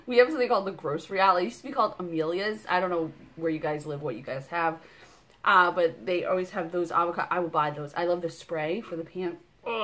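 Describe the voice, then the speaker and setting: A woman's voice: fairly low pitch, bright, forceful tone. A woman in her thirties chatting casually as she unboxes products for her vlog, bubbly and full of fillers. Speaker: vlogger.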